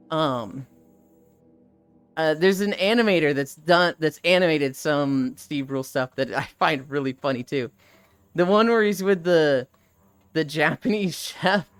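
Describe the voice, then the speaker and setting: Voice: medium pitch, smooth. A streamer chatting casually and rambling with live viewers, laughing often and swearing freely. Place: outdoors walking.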